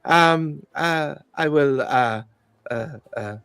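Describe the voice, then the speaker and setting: A man's voice: a little high, extremely slow, creaky, a bit bright, clear, resonant tone, no room sound, exaggerated voice. A man voicing a haughty male fae security chief who talks down to everyone and keeps calling people "dear boy". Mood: pompous. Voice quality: pompous, condescending, says "dear boy".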